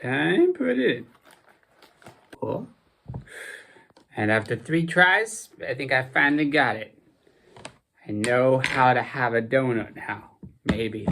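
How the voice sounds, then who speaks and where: Tired young vlogger rambling on, slow drowsy talk, pitch bouncing all over. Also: fairly bright tone, a little hiss or hum. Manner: drowsy, rambling, mumbles then perks up in sudden high bursts. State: sleep-deprived and tired. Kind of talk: casual rambling vlog.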